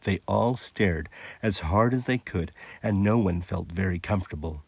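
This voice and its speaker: A man narrating a children's novel aloud in an expressive read-aloud manner. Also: deep voice, normal speed, vocal fry, husky, dry recording. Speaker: audiobook narrator. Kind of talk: storybook narration.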